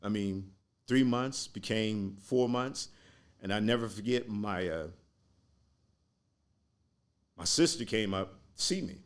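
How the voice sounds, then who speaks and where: A man speaking as a podcast guest, telling a personal story in a slow, earnest way. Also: fairly low pitch, clear, resonant tone.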